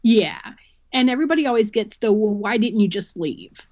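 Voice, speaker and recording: A woman's voice: medium pitch, expressive, normal speed, a little mellow, no echo, highs cut off. A woman guest on a podcast, giving a candid personal account and explaining things earnestly through long analogies.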